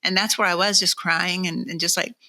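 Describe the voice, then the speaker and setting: Middle-aged lady author chatting, animated storyteller, very bright tone, bit of fry. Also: lowish voice, a little fast. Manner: animated, laughs often, acts out quoted voices. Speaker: novelist guest. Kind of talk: conversational interview storytelling. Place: church studio.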